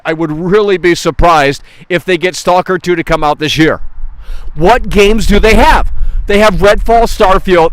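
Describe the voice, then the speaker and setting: A man's voice: sits high, dry recording, rough recording. A man ranting on a gaming livestream, profane and mocking, talking straight to his chat. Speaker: streamer.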